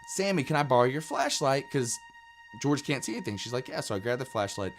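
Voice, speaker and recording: A middle-aged man telling his own ghost story in a casual, animated way, with many fillers and restarts. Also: medium pitch, a little fast, soft background music.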